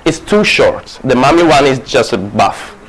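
A man's voice: mid-range voice, expressive, a little slow, a crowd in the background, poor audio. A man with an Italian accent giving a university classics lecture, rambling with many restarts, self-corrections and small laughs.

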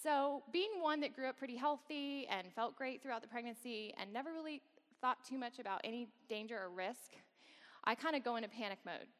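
A woman's voice: on the high side, fairly quick. A woman guest speaker at a campus worship service, telling a personal story candidly with wry, self-deprecating humor. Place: large worship hall. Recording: long reverb of a large hall.

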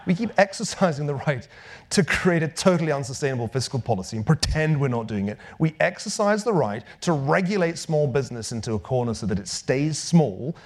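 Lively, wry male lecturer. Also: mid-range voice, fairly quick, hardly any pauses. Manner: dry wit, lively emphatic delivery. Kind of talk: public lecture and Q&A.

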